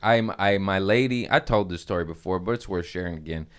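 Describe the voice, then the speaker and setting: A man's voice: deep voice, a little fast, clear, resonant tone. A comedian in his thirties, telling crude stories in casual podcast banter. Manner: animated, crude storytelling.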